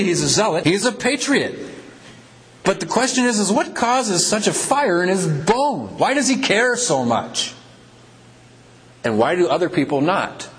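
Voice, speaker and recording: A man preaching a sermon, asking questions with emphatic rises in pitch. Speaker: pastor.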